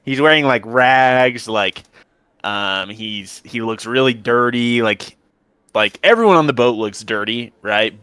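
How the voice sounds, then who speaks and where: Male game master with a clear, dry voice and easygoing narration. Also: mid-range voice, unhurried, pushed and bright, no room sound. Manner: casual, filler-heavy narration.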